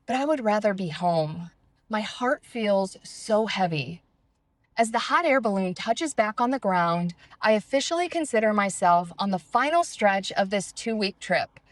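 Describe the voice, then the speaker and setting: A woman reading her own travel memoir aloud in a calm, reflective, measured way. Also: mid-range voice, no echo. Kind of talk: first-person memoir reading.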